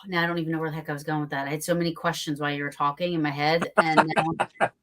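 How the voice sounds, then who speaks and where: Woman, interview host, chatty, casual, lower-pitched, lots of fillers. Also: little pitch movement, fast, a bit bright, slight background noise. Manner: chatty, full of restarts and fillers. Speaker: podcast host.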